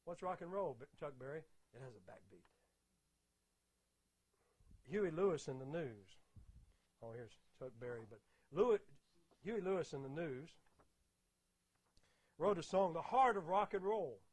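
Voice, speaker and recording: A man's voice: fairly high pitch, animated, unhurried, long pauses. A man giving an explanatory talk about rhythm. He repeats key words emphatically and counts out beats aloud. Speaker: music teacher giving a talk.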